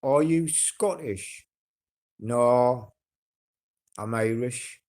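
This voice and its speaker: Slow-talking sweary Geordie man. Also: mid-range voice, a little mellow. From North East England. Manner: blunt, sweary, rambling with many fillers and restarts. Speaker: livestreamer. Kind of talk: casual livestream chat.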